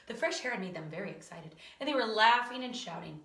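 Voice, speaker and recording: A woman teacher reading a children's book aloud in an animated way, with chatty asides. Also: mid-range voice, fast. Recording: roomy echo, distant from mic.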